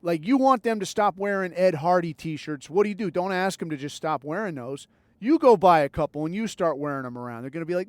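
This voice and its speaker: A man's voice: on the high side, lively intonation, brisk, clean tone, no room sound. A man hosting his own podcast in a rambling, sarcastic, profane solo monologue. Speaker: podcast host.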